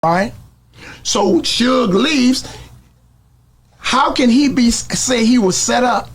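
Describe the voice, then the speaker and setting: A man's voice: very high voice, slow, slightly rough. A man being interviewed, telling a story blow by blow in a street manner. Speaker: interview guest.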